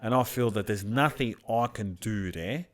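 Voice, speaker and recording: A man's voice: fairly low pitch, normal speed, fairly bright tone. A young man on a podcast, animatedly retelling a work story in casual, crude slang. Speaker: podcast co-host. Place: backyard.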